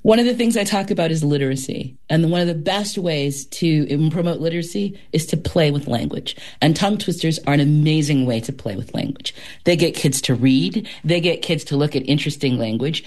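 A professional storyteller speaks at a middle pitch as an interview guest. The delivery is dramatic and expressive, with sound effects worked into the tales. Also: fairly quick, few pauses.

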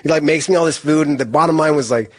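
A man's voice: fairly high pitch, quick pace, dry recording. An incarcerated man telling a story in a rambling casual way, filling his speech with "like" and small laughs.

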